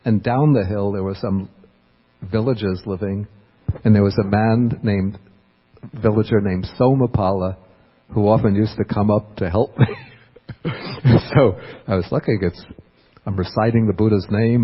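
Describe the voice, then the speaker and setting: A man's voice: on the low side, unhurried, pauses often, slightly rough. A man who is a Buddhist monk, telling a personal story in a dharma talk and chuckling often as he goes. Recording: dull lo-fi recording.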